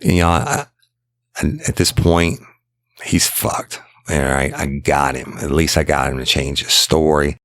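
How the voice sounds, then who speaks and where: A man's voice: very deep voice, unhurried, a bit bright. A man, a former detective hosting a podcast, bluntly retelling a case in casual, profane storytelling and constantly repeating what he said. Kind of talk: casual true-crime storytelling.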